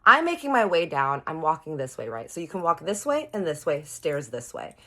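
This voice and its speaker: A young woman telling a long personal story to her viewers in a chatty, animated, slangy way. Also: low voice, fairly quick. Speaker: storytime vlogger.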